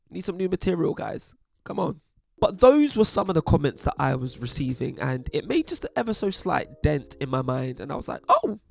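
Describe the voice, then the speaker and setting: Wry chatty British man, gravelly. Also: medium pitch. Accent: British English. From England. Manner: chatty, wry, lively asides. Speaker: YouTube host. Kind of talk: casual commentary to camera.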